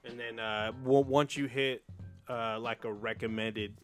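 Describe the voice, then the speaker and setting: A man's voice: medium pitch, fairly even intonation, unhurried, soft background music. A man co-hosting a podcast in casual chat, rambling loosely with many fillers and swearing. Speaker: podcast co-host.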